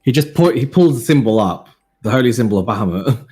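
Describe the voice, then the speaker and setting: A man's voice: mid-range voice, expressive, fast, mellow, slightly rough, faint music behind. A man playing a tabletop game, asking the game master questions and describing what his character does. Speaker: player.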